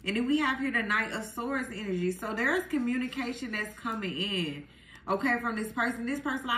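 A woman giving a casual tarot reading to viewers, chatty and animated, full of fillers. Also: a little high, moderate pace, echoey room, slight background noise, low-quality recording. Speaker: tarot reader.

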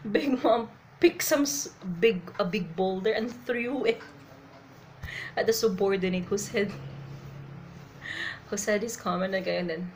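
A woman doing a live reaction to a comic, excitable and a little nervous, laughing and tagging her sentences with "okay?". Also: medium pitch, normal speed, pauses often, slight background noise, low-quality recording. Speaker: manga reaction vlogger. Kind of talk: live reaction and reading aloud.

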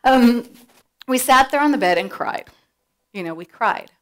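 A middle-aged woman telling a personal story to an audience, animated and acting out the voices she quotes. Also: fairly high pitch, a little slow. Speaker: presenter.

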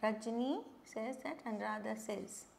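A woman teacher giving a spoken lesson, explaining slowly and often checking in with "okay". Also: on the high side, gravelly, slight background noise. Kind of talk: spoken lesson on phone manners.

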